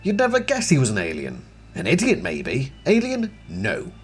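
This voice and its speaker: Guy reading a smart-mouthed teen boy, sarcastic, bouncy pitch. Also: huge pitch swings, normal speed, husky, faint music behind. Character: wisecracking teenage boy, sarcastic.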